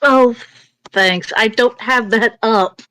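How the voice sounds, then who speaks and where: A woman playing in a tabletop game. She answers hesitantly and softly. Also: on the high side, slow pace. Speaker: player.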